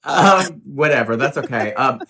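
A man's voice: mid-range voice, normal speed. Chatty podcast host, drag queen. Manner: chatty, animated, laughs often. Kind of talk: casual chat.

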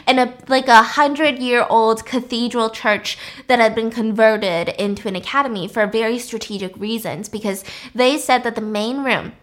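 A woman casually recapping a film's plot in a chatty, animated way, with lots of filler words. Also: a little high, normal speed, few pauses.

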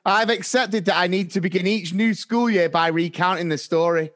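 A man's voice: high-pitched, moderate pace, fairly bright tone. A man, co-hosting a podcast and reading out listener stories, laughing as he goes. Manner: laughs through listener messages as he reads them aloud. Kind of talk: casual chat.

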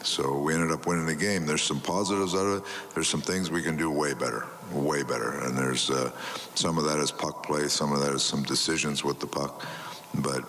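Very deep-voiced older male hockey coach. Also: fairly even intonation, fairly bright tone. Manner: measured, plain-spoken game analysis. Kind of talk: post-practice media interview. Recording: clip with faint background noise.

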